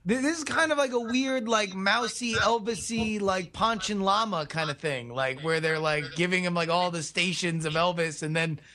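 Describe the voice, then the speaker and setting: A man's voice: sits high, moderate pace, few pauses, pushed and bright. A man co-hosting a podcast, riffing in a rambling, filler-heavy casual chat. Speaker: podcast co-host.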